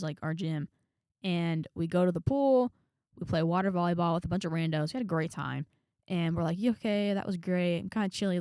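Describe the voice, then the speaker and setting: A young woman vlogger telling a story to camera in a casual, animated way, with dramatic quoted asides. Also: fairly low pitch, no echo, studio quality. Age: young adult.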